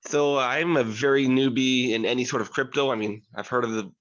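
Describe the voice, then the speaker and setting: A man's voice: medium pitch, steady tone, fairly quick, fairly bright tone. A man on a video call, eager and grateful and a bit nervous as he speaks. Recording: dull lo-fi call audio.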